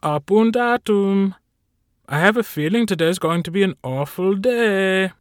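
A man's voice: sits high, lively intonation, a little slow, clear, resonant tone, dry recording, studio quality, pitched above the performer's own voice. A man voicing a fussy, devoted male demon valet in an audiobook, chirpy and doting. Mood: chirpy fussing.

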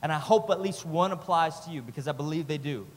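A man preaching a sermon with passion, swinging between loud urging and quiet, close moments, using repetitive rhythmic phrasing. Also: a little high, fast. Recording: long hall reverb.

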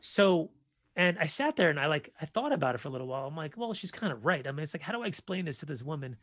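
A man in his forties telling stories in a casual chat, animated and profane. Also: a little high, very fast, no echo. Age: 40s.

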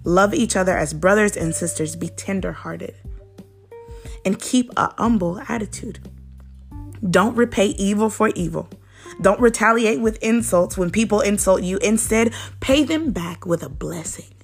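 A woman's voice: medium pitch, normal speed, breathy edge, soft background music. A woman hosting a daily devotional, teaching in an earnest, conversational way and speaking straight to the listener. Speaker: devotional host.

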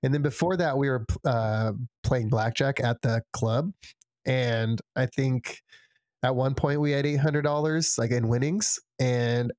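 A man's voice: medium pitch, measured pace, a little mellow, no echo. Rambling young man, dry close sound. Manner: rambling storyteller, filler-heavy, acts out quotes. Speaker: podcast co-host telling a story. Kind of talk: casual chat.

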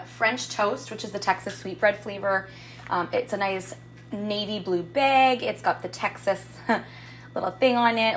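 A woman's voice: mid-range voice, a little hiss or hum. A woman vlogging a casual coffee review from her home kitchen, chatty and upbeat, cursing freely as she talks. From Canada. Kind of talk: casual chat.

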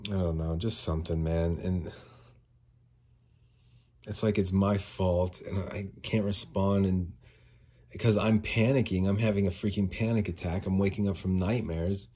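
Husky low-voiced man ranting. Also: steady tone, moderate pace, mellow. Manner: frustrated, swearing, rambling. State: out of breath. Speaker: podcast host. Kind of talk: casual solo rant.

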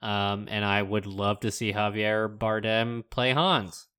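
Young man, podcast co-host, casual chat, enthusiastic, bright crisp voice, slightly low. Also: steady tone, slow. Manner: enthusiastic, talks himself into ideas.

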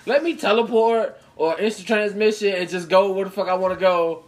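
A young man cohosting a casual comedic chat, ranting loudly with lots of profanity and laughter. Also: sits high, brisk. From United States. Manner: loud, profane, laughing rants. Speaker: podcast co-host.

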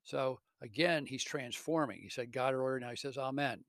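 Male teacher type, earnest story retelling, mid pitch, dry close mic. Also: normal speed, no echo. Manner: earnest, with self-corrections.

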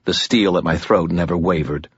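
Deep-voiced male audiobook narrator. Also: moderate pace, husky, dry recording, muffled recording. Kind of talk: first-person scripted fantasy narration.

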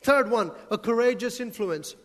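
A man's voice: very high-pitched, lively intonation, normal speed. A male pastor preaching a sermon, asking the congregation questions and joking with them along the way. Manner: preaching with rhetorical questions and humorous asides to the congregation. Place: church hall. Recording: long hall reverb.

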